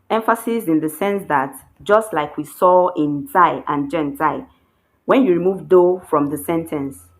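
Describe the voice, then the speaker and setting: A woman teaching Chinese grammar patiently, repeating each point with slow worked examples. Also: on the low side. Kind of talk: explaining grammar.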